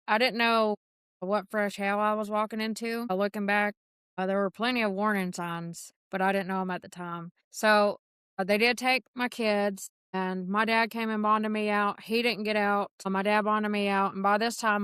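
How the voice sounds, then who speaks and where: A woman from tells her life story with a very smooth, clear voice. She speaks frankly and earnestly, slipping into the voices of people she quotes. The recording is dry and close, with no room sound. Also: medium pitch, a bit bright, dry recording. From north Georgia, USA. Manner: emotional, earnest. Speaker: podcast guest. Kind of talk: candid personal testimony.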